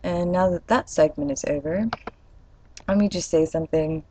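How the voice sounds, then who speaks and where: A woman's voice: on the low side, normal speed, background noise. A young woman from Atlanta, Georgia, with a light Atlanta accent, chatting candidly and casually on a webcam vlog. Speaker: vlogger.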